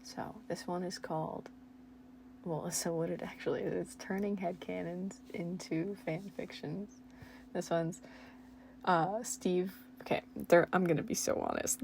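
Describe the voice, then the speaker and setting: A young woman with a low, gravelly voice reads her old fan fiction aloud into a close home mic, joking at her own expense between passages. A faint hum of room noise sits behind her. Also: lively intonation, a little slow, a little mellow. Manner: self-mocking, laughs at her own writing. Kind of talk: casual reading aloud with chatty asides.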